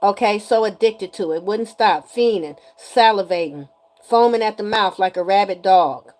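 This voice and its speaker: A woman giving a casual spiritual energy reading to viewers, animated and emphatic, often repeating her lines and slipping into slang. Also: medium pitch, moderate pace. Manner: animated, breaks into singing, emphatic and preachy.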